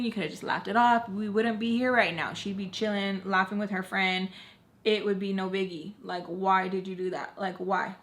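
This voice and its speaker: A young woman vlogger telling a personal story to camera in a rambling, frank, animated way, full of fillers and swearing. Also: mid-range voice. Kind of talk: casual storytime.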